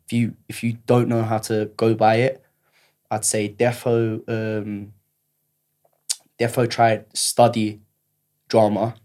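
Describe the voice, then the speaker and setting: A man with a fairly low voice gives casual advice as a podcast guest. He talks in slang and circles back, repeating words as he finds his way. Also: monotone, slow pace, long pauses, darkish tone. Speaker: actor guest.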